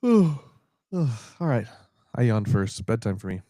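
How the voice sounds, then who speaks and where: A man co-hosting a podcast, chatting casually in a relaxed, rambling way and often correcting himself. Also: on the low side, normal speed, no room sound, clean studio sound. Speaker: podcast co-host. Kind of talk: casual chat.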